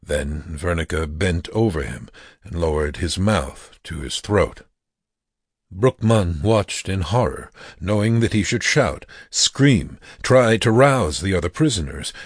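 A man narrating a dark story as an audiobook, in a measured, grave manner. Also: lowish voice, husky, dry recording, studio quality.

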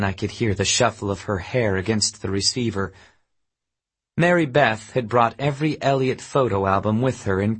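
Man reading a novel in first person, husky voice, unhurried and low-key. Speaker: audiobook narrator. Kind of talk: scripted first-person narration.

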